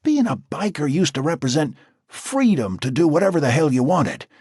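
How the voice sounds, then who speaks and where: A man's voice: fairly high pitch, big pitch swings, moderate pace, a little mellow, slightly rough, dry recording, clean studio sound, voice pushed up. A man voicing a blunt, world-weary biker who talks crudely in an audiobook. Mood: gruff. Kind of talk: audiobook character voice.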